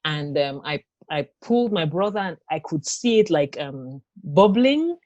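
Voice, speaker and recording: A woman telling her own story in an interview, speaking haltingly with many fillers and restarts. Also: low voice, sing-song, a little mellow, dry recording, lo-fi sound. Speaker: interview guest. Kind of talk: personal testimony in an interview.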